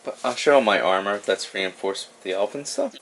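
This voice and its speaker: A man's voice: lowish voice, moderate pace, a bit bright, slight background noise, low-quality recording. A man playing a tabletop game, talking casually in character. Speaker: player. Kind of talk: tabletop game role-play.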